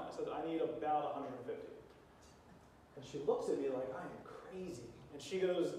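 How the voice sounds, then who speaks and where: Casual young preacher in an echoey hall. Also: male voice, on the high side, animated, brisk, mellow, slight background noise. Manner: casual, humorous anecdote-telling. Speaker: youth pastor preaching. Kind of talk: storytelling sermon. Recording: echoey hall, mic at a distance.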